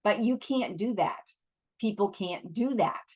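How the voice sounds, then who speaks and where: Brief: woman reading as a sharp-tongued young girlfriend, teasing, measured pace. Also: mid-range voice, husky. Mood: incredulous.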